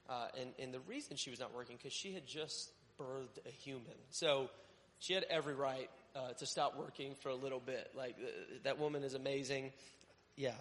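A man's voice: a little high, pushed and bright. A young adult male pastor from Connecticut preaching a sermon, telling personal stories and acting out his own thoughts. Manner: storytelling, acts out his own inner voice. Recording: long hall reverb.

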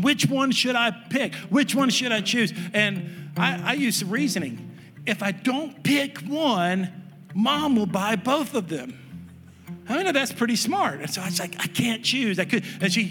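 A man preaching as a pastor, telling a childhood story with lively, animated delivery and acted-out family voices. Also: sits high, big-room sound. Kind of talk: sermon storytelling. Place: church sanctuary.

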